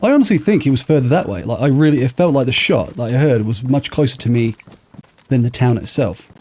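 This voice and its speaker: A man's voice: medium pitch, lively intonation, brisk, a little mellow. A man streaming a game from bed, rambling and joking with his chat in a casual way. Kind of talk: casual livestream chat while gaming. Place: lying in bed.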